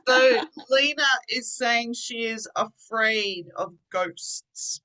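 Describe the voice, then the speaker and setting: A woman's voice: fairly high pitch, slow pace, pushed and bright, rough recording. A woman teaching an online English class, patiently explaining words with simple examples.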